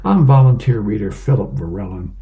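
A man, reading the newspaper and comics aloud as a volunteer on a radio reading service, plain and unhurried with small asides. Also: on the low side, lively intonation, dark tone, muffled recording.

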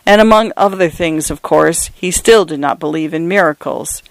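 A man reading a story aloud in a measured, dramatic way. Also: a little high, creaky, dry recording, poor audio. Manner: dramatic, measured, lingering on phrases. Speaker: narrator. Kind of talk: storybook narration.

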